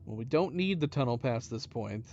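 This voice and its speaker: A man playing a puzzle game and commenting as he goes, mumbling to himself and then breaking into loud surprised outbursts. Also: medium pitch, slight background noise. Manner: excitable, quick swings between mumbling and loud exclaims. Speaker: gaming channel host. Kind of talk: let's play commentary. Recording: dull lo-fi sound.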